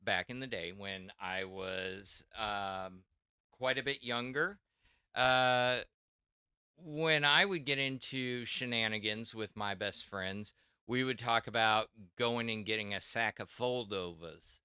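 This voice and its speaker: A man's voice: fairly low pitch, fairly even intonation, slow pace, bright, forceful tone, clear, resonant tone, dry recording, clean studio sound. A middle-aged man hosting a casual tech chat, rambling with many restarts and fillers. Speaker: podcast host.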